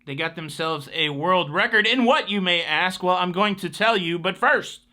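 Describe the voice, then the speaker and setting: A man's voice: high voice, moderate pace, pushed and bright. A man hosting a casual cruise news show, reading stories and adding chatty, joking asides.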